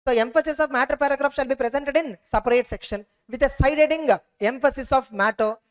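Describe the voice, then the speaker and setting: A high-voiced man teaching an audit exam revision class at a brisk clip. He drills each point with repetition and keeps asking students if they are clear.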